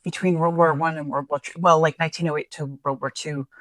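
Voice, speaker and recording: A woman's voice: deep voice, steady tone, fast talker, a bit bright, dry recording. Giggly woman co-hosting a chat. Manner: chatty, giggly, rambling asides. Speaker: podcast co-host. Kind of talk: casual commentary chat.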